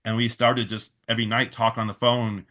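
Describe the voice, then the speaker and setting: A man's voice: medium pitch, flat delivery, fairly quick, fairly bright tone. A man, a festival organizer, telling a long story in a casual interview, full of fillers and restarts, quoting others in his own voice.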